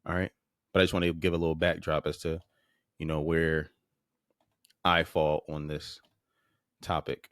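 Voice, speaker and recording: A man's voice: a bass voice, little pitch movement, normal speed, long pauses, fairly bright tone, no echo, clean studio sound. A man hosting a podcast, talking bluntly and informally about clips he plays, swearing casually and restarting his phrases. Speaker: podcast host. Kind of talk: casual commentary on played clips.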